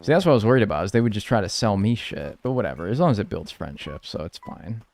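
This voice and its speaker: A man's voice: lowish voice, expressive, fast talker, a little mellow. A young man streaming a game, chatting casually in a rambling, joking and crude way. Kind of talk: casual gaming stream chat.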